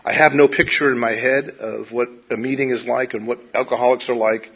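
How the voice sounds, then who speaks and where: A middle-aged man shares a personal recovery story in a wry, self-deprecating manner, stumbling into restarts as he goes. His voice sits at an average pitch. The recording is dull and lo-fi. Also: fairly even intonation, a little fast, breathy edge. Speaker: speaker sharing a recovery story. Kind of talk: personal storytelling to a live audience.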